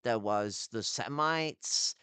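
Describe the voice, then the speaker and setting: A man's voice: on the low side, slow pace, pushed and bright, clear, resonant tone, no echo. An Irish man talking casually and bluntly on a livestream, swearing and laughing often. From Ireland. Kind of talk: casual political chat on a livestream.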